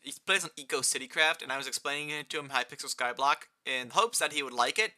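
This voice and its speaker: A young man chatting casually on a live gaming stream, rambling and answering chat, with a fairly high-pitched voice and keyboard clicks near his desk mic. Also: quick pace. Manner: rambling, answers chat, rising excited outbursts.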